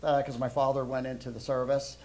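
A middle-aged man from Brooklyn, raised in Europe, preaching a casual sermon in a loud voice with lots of ums and uhs. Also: mid-range voice, flat delivery, brisk. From Brooklyn, New York, raised in Europe. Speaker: guest preacher.

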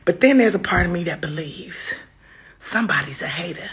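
A woman ranting into her phone camera in casual speech, swearing and breaking into high-pitched wails and shouts. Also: expressive, normal speed. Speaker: comedian venting on social media. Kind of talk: ranting selfie video.

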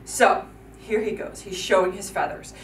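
Recorded from a distance in an echoey room, a woman leads a kids' yoga class with cheerful, encouraging instructions and counts out each move. Her mid-range voice is steady and normal in speed, with a bit of hiss or hum.

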